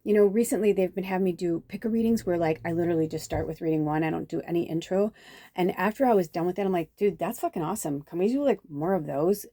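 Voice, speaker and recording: A woman's voice: fairly low pitch, fast talker, dark tone, no echo. A woman reading oracle cards and telling myth in a chatty, casual spiritual style, talking from home near a busy road. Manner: chatty, swears, many fillers. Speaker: psychic reader.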